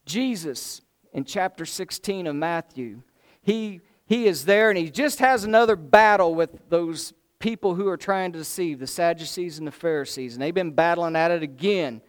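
A man preaching a sermon in an animated way, swinging from excited bursts to low, slow emphasis.

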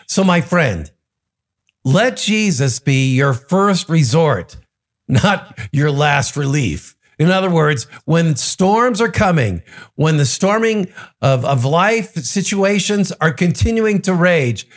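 High-voiced earnest male preacher. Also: very animated, takes it slowly. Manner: earnest, conversational, with rhetorical questions. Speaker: preacher of a daily devotional. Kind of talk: devotional sermon.

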